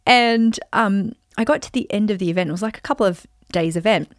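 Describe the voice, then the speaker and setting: A woman's voice: mid-range voice, steady tone, fairly quick, hardly any pauses, no room sound, clean studio sound. A woman hosting her own show, telling a story in a chatty, rambling way with lots of "like" and "you know". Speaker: podcast host and speaker. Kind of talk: casual storytelling monologue.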